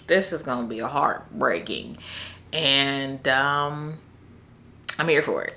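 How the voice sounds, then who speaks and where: A young woman vlogging casually about her book picks, animated and laughing often as she talks to viewers. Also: deep voice, takes it slowly, creaky, long pauses. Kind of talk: casual chat to camera.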